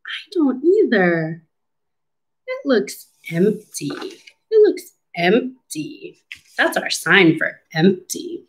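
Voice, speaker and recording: A woman reads a children's storybook aloud very slowly, with a lively, swooping pitch. She speaks like a patient speech clinician, pausing to ask the little ones questions and coach them. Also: breathy edge, poor audio. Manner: slow, animated, teacherly, asks children questions.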